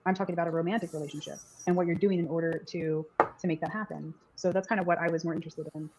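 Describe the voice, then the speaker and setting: A woman's voice: fairly low pitch, steady tone, racing, heavy background noise. A woman interviewing a guest over a video call, hesitant and playful, often restarting her sentences.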